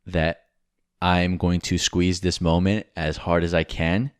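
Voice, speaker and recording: Deep-voiced man in casual podcast banter. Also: level tone, measured pace, clear, resonant tone, dry recording, clean studio sound. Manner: rambling, frank, swears freely, jokey. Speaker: podcast co-host.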